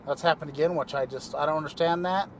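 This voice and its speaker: Rambling paramedic talking while driving. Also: male voice, fairly high pitch, steady tone, quick pace, slight background noise. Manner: rambling, trailing off with fillers. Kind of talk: casual vlog monologue. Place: inside a car while driving.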